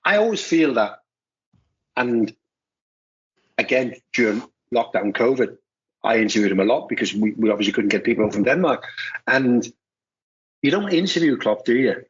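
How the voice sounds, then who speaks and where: A middle-aged man chats casually on a podcast as a football pundit, wandering through his stories with restarts and tag questions. His voice sits at an ordinary pitch, and the recording is dull and muffled. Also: expressive, moderate pace, pauses often. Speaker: football pundit and former player. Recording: muffled lo-fi audio.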